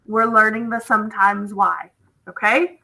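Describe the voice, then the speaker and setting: A woman's voice: medium pitch, little pitch movement, pushed and bright, low-quality recording. A woman teaching a phonics lesson online to children, patiently sounding out letters and checking in with "okay?". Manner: sounds out letters and words slowly and clearly.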